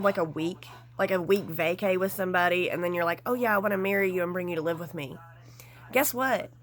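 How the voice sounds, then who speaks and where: A woman vlogger giving casual, gossipy commentary, animated and frank with some mild swearing. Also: medium pitch.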